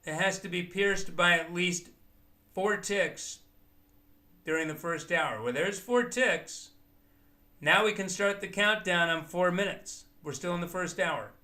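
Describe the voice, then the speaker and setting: Bright, methodical man explaining trades. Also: high voice, a little slow. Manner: methodical explaining, thinking aloud. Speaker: trading educator. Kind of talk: live market commentary.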